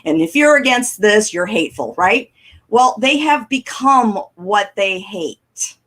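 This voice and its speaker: Animated woman telling stories. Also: mid-range voice, a little slow, poor audio. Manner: chatty storyteller, animated and laughing. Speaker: co-host. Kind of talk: casual talk show commentary.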